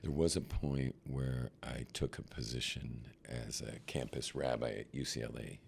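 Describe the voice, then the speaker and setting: A man, a rabbi, telling a story as a podcast guest, acting out shouts and dropping to near whispers. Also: very deep voice, steady tone, normal speed, creaky, a little hiss or hum.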